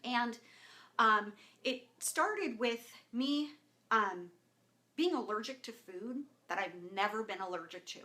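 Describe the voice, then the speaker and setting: Her voice sits on the high side, bright and forceful, with lively intonation, and she takes her time. A Southern Californian in her thirties, she greets live-video viewers by name in a casual, filler-heavy way from her home setup with camera and lighting, openly emotional and near tears.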